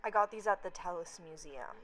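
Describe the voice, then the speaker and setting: A young adult woman vlogging in casual, rambling chat. She is animated, swears freely and keeps slipping into quick impressions. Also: lowish voice.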